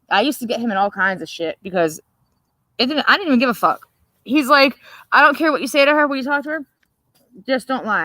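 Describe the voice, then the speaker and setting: A woman hosting a casual livestream, telling a story in a profane, animated way and laughing often. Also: fairly high pitch, quick pace, no echo. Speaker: livestream host.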